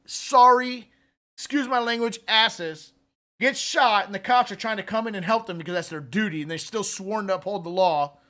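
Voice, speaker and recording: A man with a high, bright, forceful voice rants through political commentary. He sounds fired up and talks casually, straight to his listeners, like he's calling out to a buddy. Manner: fired-up, ranting delivery; conversational, addresses listeners directly with "man".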